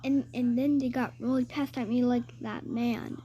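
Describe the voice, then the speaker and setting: A woman's voice: a little high, fairly even intonation, moderate pace, mellow. A woman telling a rambling personal story in a chatty way, with fillers and restarts.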